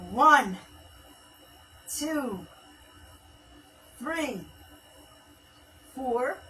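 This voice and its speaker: A woman's voice: high-pitched, a bit bright, far from the mic, slight background noise, poor audio. A woman hosting a live home workout stream, counting reps aloud and chatting casually while she exercises, a little out of breath. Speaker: fitness livestream host. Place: home workout space, livestream.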